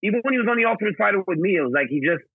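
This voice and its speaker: A man's voice: high voice, lively intonation, rapid-fire, creaky, slightly rough, no echo, phone-quality sound. A middle-aged man as a podcast guest, talking bluntly and joking with the host. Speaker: guest, former coach. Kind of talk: casual podcast chat.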